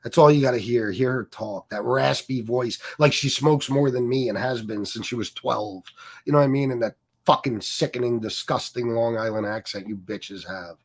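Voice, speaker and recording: A man's voice: medium pitch, moderate pace. A man hosting a live stream, ranting angrily with frequent profanity and mocking asides. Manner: angry, profane and mocking, with many fillers. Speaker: streamer host.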